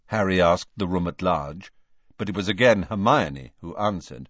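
A man narrating a story in a measured, expressive audiobook reading. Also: sits low, no room sound, muffled recording. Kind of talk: scripted narration.

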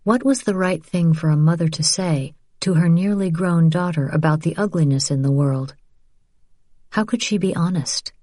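A woman reading an audiobook in measured, even scripted narration. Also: fairly low pitch, no room sound, studio quality.

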